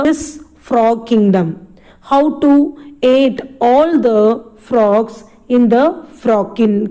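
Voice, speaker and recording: A woman's voice: on the high side, mellow, rough recording. A woman teacher reading a story to children and explaining each new word as she goes, repeating lines patiently.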